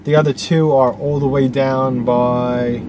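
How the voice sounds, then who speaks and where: A man's voice: mid-range voice, flat delivery, measured pace. A man with a dry, worn voice narrating a driving tour from his car, rambling with many fillers and restarts. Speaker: real estate agent giving a driving tour. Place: inside a moving car. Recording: loud car and air-conditioning noise.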